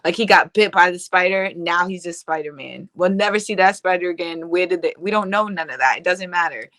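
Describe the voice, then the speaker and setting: A woman guest in a casual chat, slangy and animated, laughing often. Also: lowish voice, fairly quick.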